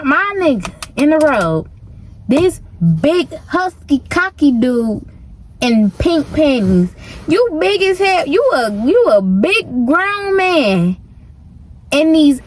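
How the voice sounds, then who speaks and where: A woman vlogger telling a personal story in a casual, slangy, emphatic way. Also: high voice.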